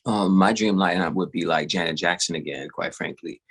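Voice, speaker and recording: A man's voice: sits low, brisk, fairly bright tone, slightly rough. A man from East Texas, a singer-songwriter guest, chatting in a laid-back way that often trails off. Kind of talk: casual interview chat.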